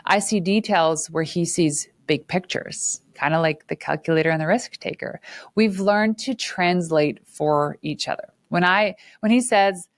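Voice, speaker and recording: Candid businesswoman, low dry voice. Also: measured pace, dry recording. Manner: candid and animated, acts out quoted dialogue with laughs. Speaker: entrepreneur and channel host. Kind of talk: casual talk to camera. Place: her studio.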